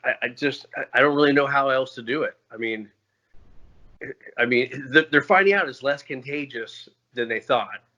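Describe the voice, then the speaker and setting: Man in his forties, bright tense voice, unhurried interview talk, slightly muffled call audio. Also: mid-range voice. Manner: even-toned, unhurried, with frequent "uh" fillers. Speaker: guest musician. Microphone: remote call.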